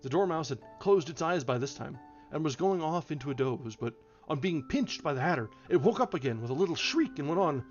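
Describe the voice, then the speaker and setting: A man reading a classic children's book aloud in a measured, expressive way on a stream. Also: fairly high pitch, lo-fi sound, soft background music. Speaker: storyteller.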